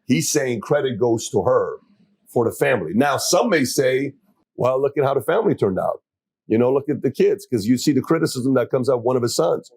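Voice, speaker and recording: A man hosting an interview, talking things through in a measured way and asking probing questions. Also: mid-range voice, dark tone, breathy edge, no room sound. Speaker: interview host. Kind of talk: conversational interview. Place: interview set.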